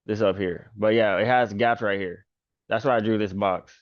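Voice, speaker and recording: A man's voice: lowish voice, steady tone, moderate pace, dry recording, lo-fi sound. A man hosting a casual stock chart walkthrough, talking loosely with lots of fillers like "pretty much" and "bro". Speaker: stock trader and channel host.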